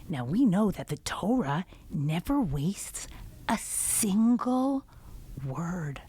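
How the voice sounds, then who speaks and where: Expressive woman telling a children's story. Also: lowish voice, husky. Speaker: teacher. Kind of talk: children's storytelling and Torah lesson.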